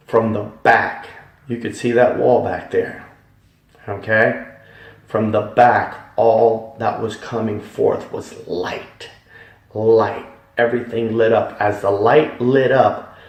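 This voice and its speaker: A man giving a dramatic Christian testimony, emphatic, swinging from hushed tones to loud ones. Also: lowish voice, steady tone, takes it slowly, vocal fry. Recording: echoey hall, voice from far off.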